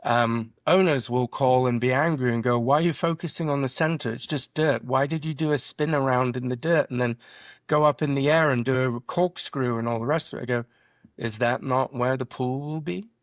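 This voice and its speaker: Animated middle-aged man telling stories. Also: medium pitch, moderate pace, dry recording, clean studio sound. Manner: animated storyteller acting out dialogue. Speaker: guest, drone business founder. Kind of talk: podcast interview.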